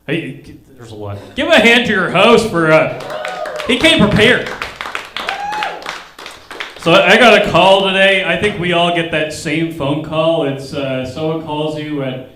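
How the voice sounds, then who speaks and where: A man's voice: on the high side, lively intonation, unhurried, pushed and bright. A man doing stand-up at a comedy club, with dry observational jokes. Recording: roomy club sound, live stage mic.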